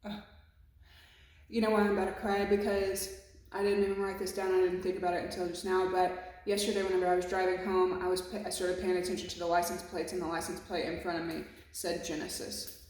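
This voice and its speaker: A woman's voice: on the low side, flat delivery, brisk, a little mellow. A woman giving a casual, emotional tarot reading, swearing freely and speaking in a reflective way. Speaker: tarot reader. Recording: very echoey room.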